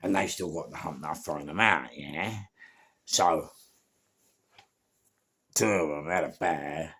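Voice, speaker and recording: Gravelly deep man telling stories. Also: slow, a bit bright. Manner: slangy, rambling, repeats himself, coughs now and then. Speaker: storyteller. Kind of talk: rambling anecdote.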